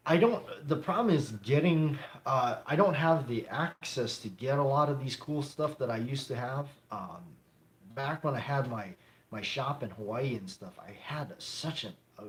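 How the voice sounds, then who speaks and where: A man hosting a casual live stream, answering viewer comments in a rambling way with many fillers and frequent chuckles. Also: medium pitch. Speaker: live-stream host of a gun channel.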